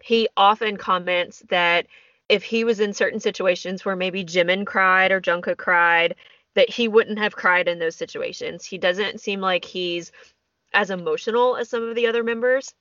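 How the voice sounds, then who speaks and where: A woman's voice: mid-range voice, steady tone, normal speed, fairly bright tone, no room sound. Woman, podcast co-host, casual recounting, emotional, quotes speeches, dry dull recording. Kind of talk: casual chat, recounting events.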